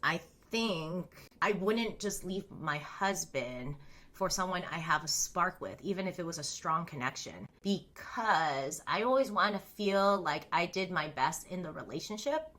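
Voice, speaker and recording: A woman in her thirties talks candidly to her viewers in a casual, rambling storytelling chat. Her voice is bright and forward, her asides are loose and full of fillers, and she breaks into laughter often. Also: on the low side, expressive, unhurried. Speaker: streamer and storyteller.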